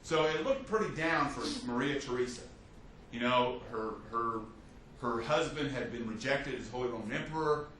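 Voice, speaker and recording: A man teaching a history class as a lecturer, telling the story with lively restarts and fillers. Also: medium pitch, normal speed. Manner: animated storytelling with many restarts. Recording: echoey classroom from a distance, faint hiss.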